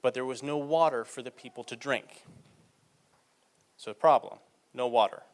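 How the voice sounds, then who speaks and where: Male preacher, conversational sermon delivery, stretches words for emphasis, mid-range pitch. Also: normal speed. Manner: reads scripture aloud and explains it conversationally.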